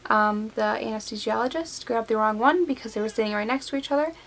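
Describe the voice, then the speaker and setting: A woman's voice: fairly high pitch, quick pace, low-quality recording. A nineteen-year-old woman vlogging casually to camera, recounting a personal story with lots of fillers, getting teary and emotional. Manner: emotional, many fillers and likes. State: tearful.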